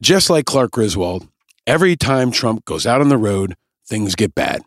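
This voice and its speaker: A man's voice: mid-range voice, very animated, normal speed, dry recording, clean studio sound, faint music behind. A man hosting a podcast, delivering scripted, sarcastic and pointed political commentary. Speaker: podcast host.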